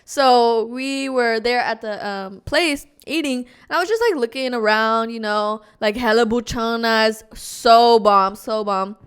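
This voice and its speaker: A woman's voice: a little high, measured pace, hardly any pauses, smooth. A young woman from California co-hosting a casual podcast, talking in slang, laughing often and swearing freely. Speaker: podcast co-host. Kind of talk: casual chat.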